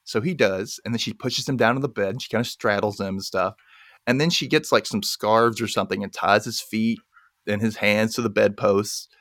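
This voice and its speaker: A man's voice: fairly low pitch, normal speed, dry recording, clean studio sound. A man casually recapping a movie plot on a podcast, laughing often and acting out the characters' lines. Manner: animated, laughs often, acts out quotes. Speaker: podcast host recapping a film. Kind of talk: casual chat.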